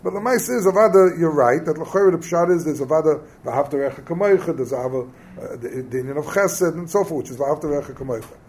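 Man with a higher voice teaching Talmud. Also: quick pace, few pauses, a little mellow, a little hiss or hum. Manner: explanatory, mixing Hebrew terms into English, quizzing the class. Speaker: Torah teacher. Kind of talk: Talmud class lecture.

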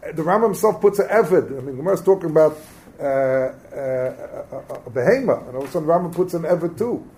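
A man's voice: fairly high pitch, animated, fairly quick, dark tone. A man giving a Talmud class lecture as a Torah teacher, explaining texts in English mixed with Hebrew terms and quizzing his students.

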